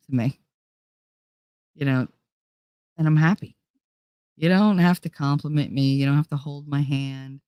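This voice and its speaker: A woman's voice: darkish tone, dry recording, studio quality. A woman hosting a casual livestream, chatting with her viewers, swearing freely, laughing a lot and swinging her voice up and down. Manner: swearing, laughing, swings high and low in pitch. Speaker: streamer host. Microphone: desk microphone.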